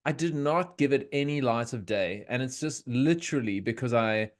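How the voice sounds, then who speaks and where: A man's voice: mid-range voice, lively intonation, normal speed. A man hosting a podcast, talking casually and enthusiastically over a video call, now and then swearing. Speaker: podcast host.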